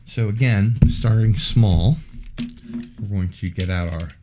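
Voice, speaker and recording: A man hosting a casual unboxing video, talking in an unhurried way with wry asides. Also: fairly low pitch, heavy background noise. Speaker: unboxing vlog host.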